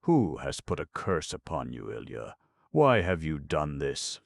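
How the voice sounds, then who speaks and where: A man's voice: rumbling low, big pitch swings, unhurried, gravelly, no room sound, clean studio sound, heavily acted. A man voicing a tearful young woman who pleads and reproaches in an emotional, raised voice. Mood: anguished.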